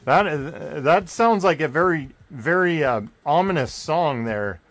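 This is a young male streamer with a somewhat high voice who talks in a slow, easygoing way between rounds. He jokes with his chat and breaks into excited shouts during tense moments. Faint game music plays behind him. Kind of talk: casual live gameplay commentary.

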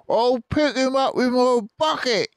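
Old man doing a shrill, gloating little farmer. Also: unhurried, clean tone, no echo, studio quality. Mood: gloating, savage. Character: dwarfish, pot-bellied, vicious male farmer.

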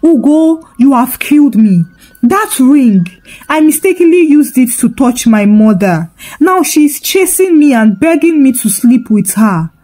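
A woman's voice: high-pitched, expressive, unhurried, dark tone. A woman voicing a panicked young man who cries out in anguish over a curse. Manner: anguished, crying out. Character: panicked young man, regretful rebellious son.

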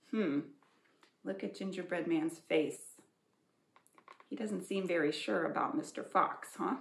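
A woman librarian reading aloud at a preschool storytime, animated, gently asking children questions. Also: fairly low pitch, a little slow, vocal fry, pauses often. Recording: echoey room.

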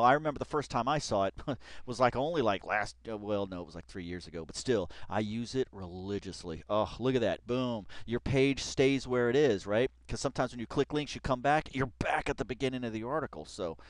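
A man's voice: medium pitch, no room sound, studio quality. A man giving casual read-along commentary as he reacts to an online article, rambling, laughing often and swearing freely.

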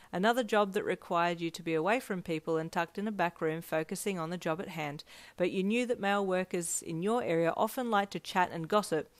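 A woman narrating a second-person fanfiction story in a gentle, even storytelling manner. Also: fairly low pitch, dry recording.

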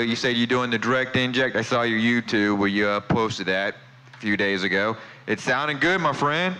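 A man's voice: mid-range voice, sharp tone, smooth, rough recording. A man chatting on CB radio from his home station, friendly and repeating his call sign and sign-offs. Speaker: CB radio operator. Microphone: CB radio microphone.

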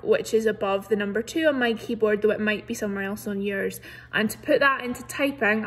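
A woman teacher, patiently explaining a grammar lesson over a computer mic with many "so"s and "um"s. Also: mid-range voice. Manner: clear, patient explaining with frequent "so" and "um". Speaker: primary school teacher. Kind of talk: recorded online grammar lesson.

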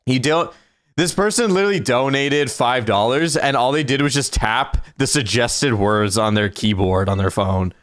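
A man's voice: mid-range voice, animated, normal speed, a bit bright, dry recording, clean studio sound. A man hosting a casual gaming livestream, chatting playfully and reading out donations. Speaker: livestream host.

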